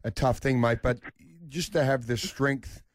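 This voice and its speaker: Earnest middle-aged Australian radio host. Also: male voice, medium pitch, fairly even intonation, unhurried. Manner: earnest, open, matey. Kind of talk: candid radio chat.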